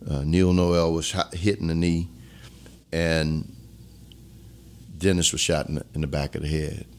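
Mężczyzna w średnim wieku z akcentem z Luizjany, z bardzo niskim głosem, opowiada szczerze i z namysłem w wywiadzie. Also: male voice, level tone, unhurried. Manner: earnest, reflective, drops to a low hush when emotional. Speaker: former police chief, guest. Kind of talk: candid storytelling interview.

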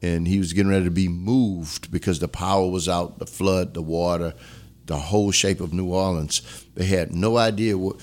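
Mężczyzna w średnim wieku z akcentem z Luizjany, z bardzo niskim głosem, opowiada szczerze i z namysłem w wywiadzie. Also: male voice, fairly even intonation, normal speed. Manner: earnest, reflective, drops to a low hush when emotional. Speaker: former police chief, guest. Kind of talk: candid storytelling interview.

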